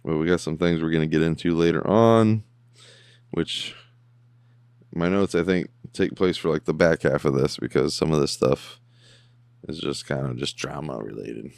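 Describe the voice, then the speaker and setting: A man hosting a podcast, casually recapping and reacting to a TV episode in a slangy, animated way. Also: rumbling low, moderate pace, vocal fry, dry recording. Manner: slangy, animated, says "bro" a lot. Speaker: podcast host.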